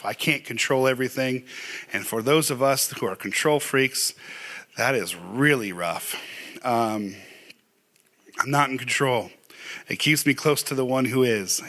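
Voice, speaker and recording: A man's voice: medium pitch, pushed and bright. A middle-aged man preaching a sermon in a church, earnest and conversational, at times pleading. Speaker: pastor. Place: church sanctuary.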